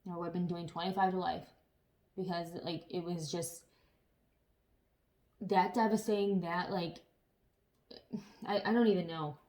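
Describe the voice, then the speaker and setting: A woman chatting casually to camera as a vlogger, telling stories in an animated way with some swearing. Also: lowish voice, normal speed, long pauses.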